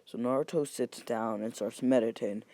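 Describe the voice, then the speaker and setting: A young man rambles through a homemade story, cursing often and backtracking mid-sentence. His voice is gravelly and dark, set close in a dry, dead space. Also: mid-range voice, moderate pace, dry recording. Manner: rambling, profane, self-correcting. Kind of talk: casual retelling of a fan story.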